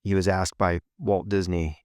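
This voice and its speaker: A man's voice: deep voice, level tone, normal speed, darkish tone, dry recording, clean studio sound. A man co-hosting a podcast, talking in a rambling casual chat full of fillers and restarts. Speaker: podcast co-host.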